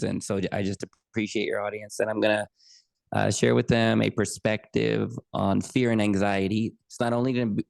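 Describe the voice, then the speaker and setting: Male guest coach, low gravelly voice, dry close sound, earnest. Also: darkish tone, no echo. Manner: earnest and reflective, with frequent restarts. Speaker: podcast guest, anxiety coach. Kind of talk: conversational interview.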